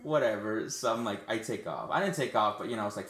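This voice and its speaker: A man's voice: on the low side, expressive, fast, fairly bright tone. A young man telling a profane, slangy story in casual chat as a podcast host, with lots of "dude" and "man". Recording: roomy echo.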